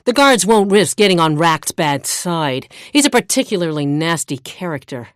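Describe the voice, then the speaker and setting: A woman voicing a crisp, haughty asura scholar. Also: on the low side, lively intonation, moderate pace, no room sound, clean studio sound, lightly acted. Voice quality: crisp, precise, superior. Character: brainy small female asura scholar, condescending. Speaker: Priory agent. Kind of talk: video game voice acting. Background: game music.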